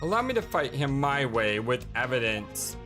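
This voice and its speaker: A game streamer reading a composed male prosecutor in a lower, slow, cutting voice. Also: very animated, over music, lightly acted. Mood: cold. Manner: low, deliberate and cutting.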